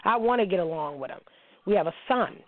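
A middle-aged woman hosting a show, telling a candid story in a blunt, animated way, full of slang and swearing. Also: medium pitch, fast talker, a little hiss or hum. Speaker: show host. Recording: tinny phone-like line.

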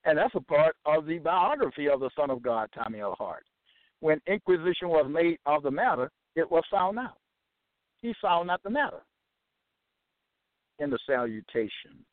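A man reading aloud from his own book and explaining scripture, deliberate, spelling words out and quoting old biblical wording. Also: mid-range voice, no echo. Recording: dry phone-line sound.

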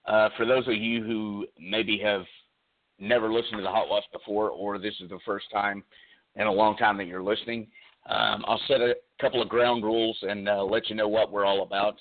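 A man hosting a talk radio show, speaking earnestly with many pauses and fillers while losing his voice, calling in by cell phone. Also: lowish voice, flat delivery. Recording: tinny cell phone line.

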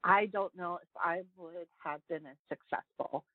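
A woman's voice: lowish voice, steady tone, moderate pace, dry recording. Woman guest, pastor, rambling earnest chat, phone-quality audio, dry sound. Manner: rambling, many fillers and restarts, earnest. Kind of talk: casual interview conversation.

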